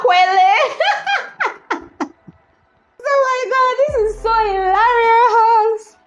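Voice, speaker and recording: A woman in her thirties with a Nigerian accent, chatting casually and laughing as she reads out tweets. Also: medium pitch. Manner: laughs often, lively and chatty. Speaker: vlogger. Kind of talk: casual commentary reading tweets.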